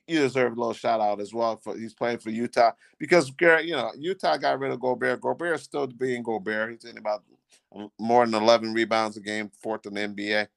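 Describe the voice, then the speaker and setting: Man, gravelly voice, dry close sound, rambling casual sports talk, lots of restarts. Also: mid-range voice, dry recording. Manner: rambling, halting with many restarts. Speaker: podcast co-host.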